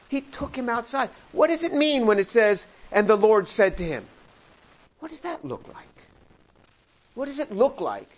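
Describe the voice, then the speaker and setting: An older man with a high voice leads a Bible study, talking through the verses in a conversational way. He acts out the voices he quotes and slips in small chuckles. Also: very animated, normal speed, low-quality recording. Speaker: Bible teacher and chemist.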